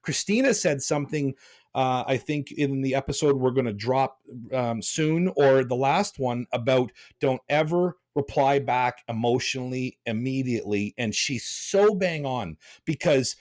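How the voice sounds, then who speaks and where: A man's voice: medium pitch, a little slow, a little mellow. A man hosting a podcast, talking bluntly and passionately, rambling with restarts. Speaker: podcast host. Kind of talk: casual podcast chat.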